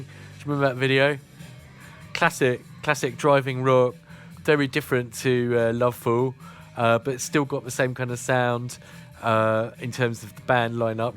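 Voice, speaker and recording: Southern English male radio host, casual and chatty, mid-pitched voice, soft music underneath. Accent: Southern English, Kent and Sussex. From South East England. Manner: chatty, many "uh" fillers.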